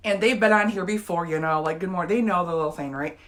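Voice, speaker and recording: A woman's voice: fairly low pitch, fast talker. Earnest woman in her fifties. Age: 50s. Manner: emotional, earnest, addresses viewers directly. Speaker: motivational vlogger. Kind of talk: motivational talk to camera.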